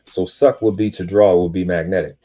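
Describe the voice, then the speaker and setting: A man with a very low, dark voice delivers an emphatic, preachy monologue on a live stream. He speaks, swears casually and boasts about himself. Faint music sits in the background. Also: steady tone, a little fast. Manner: self-aggrandizing, spiritual teaching tone.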